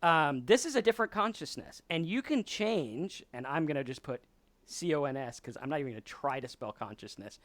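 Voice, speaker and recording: A man hosts a sobriety talk, explaining ideas at a whiteboard in a casual, conversational lecture style and acting out the voices he quotes. His voice is on the high side, animated, brisk and a bit bright, with no room sound.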